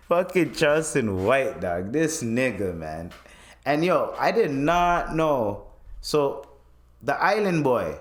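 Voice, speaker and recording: A man's voice: medium pitch, slow pace, roomy sound. Man ranting profanely on his podcast. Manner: profane, animated ranting with laughs. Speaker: podcast host. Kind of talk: casual solo podcast rant.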